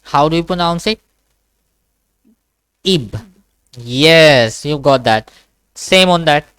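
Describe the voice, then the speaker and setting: A man teaches Quran reading in a one-to-one online lesson, slowly repeating each sound and checking in with "okay?" His voice is smooth and clear, and the sound is dry and close. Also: fairly high pitch, expressive, a bit bright, no echo. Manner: patient, repetitive, checks understanding with "okay?". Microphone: video call.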